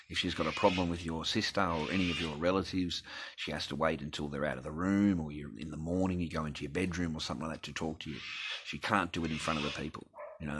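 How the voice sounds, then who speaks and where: A man's voice: very deep voice, a bit bright, a little hiss or hum. An Australian man telling a personal story in a blunt, rambling rant full of swearing. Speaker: vlogger.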